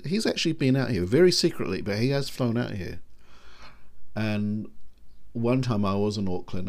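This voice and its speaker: A New man talks in a loose, rambling monologue, often restarting and poking fun at himself. His voice is very low and gravelly with plenty of fry. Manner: rambling, self-deprecating, frequent restarts. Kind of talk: casual monologue.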